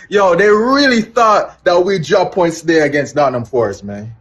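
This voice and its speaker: A man sending an excited fan message, chanting and repeating phrases in a hyped way. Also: on the high side, normal speed, few pauses, a little hiss or hum.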